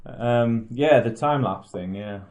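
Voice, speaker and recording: A man's voice: mid-range voice, slow pace, a little mellow, slight background noise. Easygoing man hosting a film podcast. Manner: easygoing, leads the rating round. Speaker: podcast host. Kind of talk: casual film review chat.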